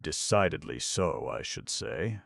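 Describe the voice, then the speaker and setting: A man's voice: deep voice, animated, a little slow, vocal fry, fairly bright tone, no echo, clean studio sound, full character voice. A man voicing a nervous, evasive middle-aged male secretary who stammers and hesitates. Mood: flustered.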